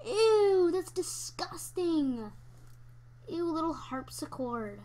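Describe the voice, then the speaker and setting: Young female gamer, high-pitched and unhurried, excitable commentary with squeals and whispers. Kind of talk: let's play commentary.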